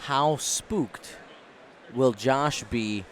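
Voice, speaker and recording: A man co-commentating a tabletop tournament, playful and quick with banter. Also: mid-range voice, a little hiss or hum. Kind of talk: casual game commentary.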